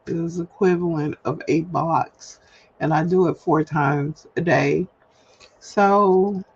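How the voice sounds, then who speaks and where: A woman's voice: on the low side, darkish tone, slightly rough. A woman hosting a solo livestream, talking candidly and chattily to her viewers and laughing at herself, recorded at home. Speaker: livestream host. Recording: dull lo-fi livestream audio.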